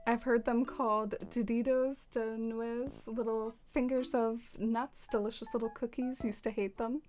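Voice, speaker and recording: A young woman streamer chatting casually with her viewers as she decorates, full of "like" and quick laughs. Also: fairly high pitch, steady tone, darkish tone, soft background music. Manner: chatty, many fillers, laughs often. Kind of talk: casual livestream chat with viewers.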